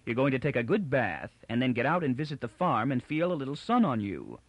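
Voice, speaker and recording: A man's voice: mid-range voice, very animated, brisk, no echo. A man voicing a decisive, bossy young woman who scolds and fusses in a caring way. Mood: scolding.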